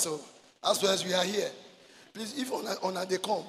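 A man preaching a sermon as pastor, mixing Twi and English and shouting for emphasis. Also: high-pitched, moderate pace. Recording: echoey hall with faint noise.

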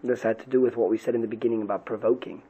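A man's voice: mid-range voice, fairly even intonation, very fast, husky, highs cut off. A man, a pastor, giving an earnest podcast talk on parenting and faith, often asking rhetorical questions.

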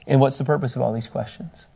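Gravelly-voiced man teaching a Bible lesson. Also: mid-range voice. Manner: animated, reads scripture aloud and asks class questions.

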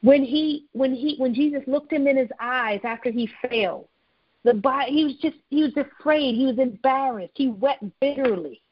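High-voiced woman preaching earnestly. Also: moderate pace, slightly rough, no echo. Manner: earnest, repeats phrases, frequent restarts. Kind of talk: sermon-style teaching. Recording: dull, lo-fi sound.

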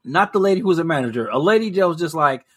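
A man's voice: fairly high pitch, expressive, racing, a bit bright, husky. A man co-hosting a podcast, telling stories in casual chat with lots of profanity and mimicry of people he met. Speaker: podcast co-host.

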